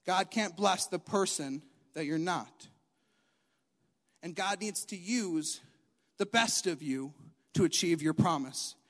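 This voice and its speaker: A young man delivers a sermon in a lively, emphatic way, driving his points home by repeating them. His voice sits high for a man. The sound rings with the long reverb of a large hall. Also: takes it slowly, pauses often. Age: young adult. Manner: animated, emphatic, repeats key lines. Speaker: youth preacher.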